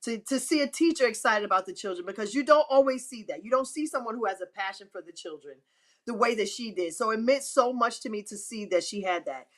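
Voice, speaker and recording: Woman inspirational speaker, faith talk, kinda high voice, repeats herself, acts out quotes. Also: animated, brisk, fairly bright tone. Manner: emphatic, repeats phrases for effect; acts out quotes with pitch swings. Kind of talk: faith-filled motivational talk.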